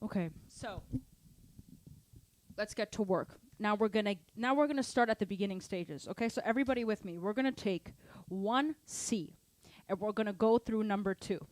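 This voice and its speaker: A woman's voice: medium pitch, normal speed, a little mellow, no echo. A woman teaching a live online drum lesson, explaining exercises and counting beats aloud over her playing. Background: drum kit playing.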